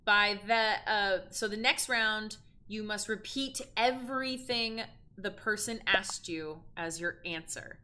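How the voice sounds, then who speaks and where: A woman hosting a game livestream, animated and laughing often as she reads out viewer donations. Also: medium pitch, slow. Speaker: livestream host. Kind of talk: casual livestream chat reading donations.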